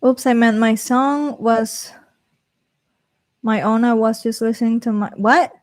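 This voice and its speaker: Slow-talking chatty woman. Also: fairly high pitch, fairly even intonation, a little mellow. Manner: chatty, laughs often, reads comments aloud. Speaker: streamer reading live chat. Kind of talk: casual live-stream chat.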